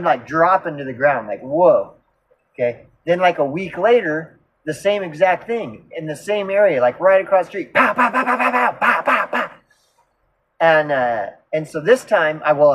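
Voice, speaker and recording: A man's voice: a little high, slightly rough. A man from Oklahoma telling a personal story in a rambling, profane way, often repeating himself. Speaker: vlogger. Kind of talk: casual storytelling monologue. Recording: slightly dull lo-fi recording.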